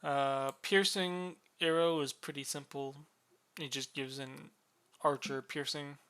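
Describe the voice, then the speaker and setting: A man casually explaining the rules of a board game unit, relaxed and drowsy, with many fillers and yawns. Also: on the high side, takes it slowly, clear, resonant tone.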